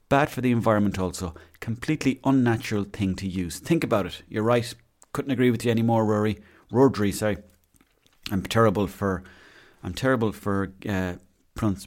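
Rambling Irish man with a lowish voice. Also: a little mellow. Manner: rambling, self-mocking and chatty. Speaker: podcast host. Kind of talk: casual solo podcast chat.

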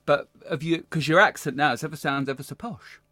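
A man's voice: on the high side, fairly even intonation, brisk, sharp tone, no echo. Camp, playful man hosting. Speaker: podcast host. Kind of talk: casual chat.

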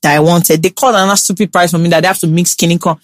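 A woman co-hosting a casual chat, telling animated stories and laughing often. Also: on the low side, very fast, slight background noise. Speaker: co-host.

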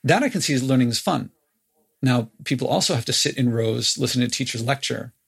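A man leads a conversational interview. His voice is husky, with a gravelly edge. He thinks aloud in loose, reflective phrases. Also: medium pitch, brisk, a bit bright.

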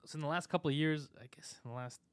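A man hosting a live show, giving a fast, opinionated rant full of swearing. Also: fairly high pitch, clear, resonant tone, dry recording. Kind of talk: casual live-stream chat.

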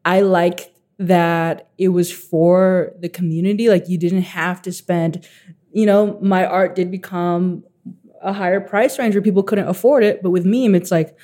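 An eighteen-year-old man telling stories as a guest, animated, laughing often and acting out what others said. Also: high-pitched, unhurried. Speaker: guest artist. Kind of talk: casual storytelling.

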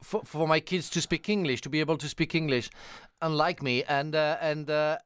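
A man with a French accent speaking halting, effusive English as a guest on a radio talk show. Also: on the high side, steady tone, clear, resonant tone, dry recording. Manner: warm, effusive, halting English with many restarts. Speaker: studio guest. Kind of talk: radio interview.

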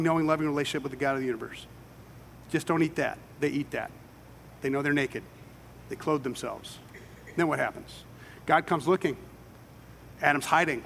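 Pastor guy preaching, acts out the quotes, a bit higher voice. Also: brisk, creaky, long pauses, fairly bright tone. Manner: dramatic storytelling with quoted voices. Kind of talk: sermon. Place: church sanctuary with children present.

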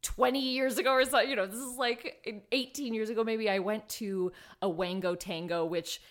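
A woman in her thirties from Los Angeles, a podcast guest chatting casually with lots of laughter and playful quoted voices. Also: normal speed. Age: 30s. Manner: animated storyteller, laughs often, jumps into high quoted voices. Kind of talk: casual chat.

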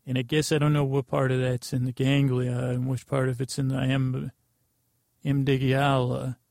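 A sleep-deprived man talks in a heavily creaky, gravelly voice, close and dry with no room sound. He rambles through a bedtime podcast monologue that keeps wandering off. He stumbles, restarts and pokes fun at himself, and his pitch barely moves. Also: completely flat delivery, normal speed, darkish tone, dry recording. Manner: meandering and self-deprecating, with many false starts. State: tired from lack of sleep. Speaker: podcast host.

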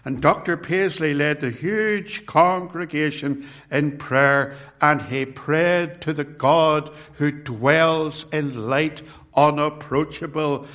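An older man preaching a sermon, slow and measured, repeating key words for emphasis. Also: fairly high pitch, fairly bright tone.

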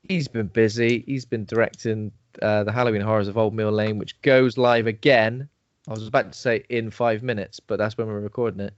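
A man's voice: fairly low pitch, steady tone, a little fast, no echo. A man co-hosting a podcast in casual chat, joking and laughing often. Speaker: podcast co-host. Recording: dull, dry lo-fi podcast recording.

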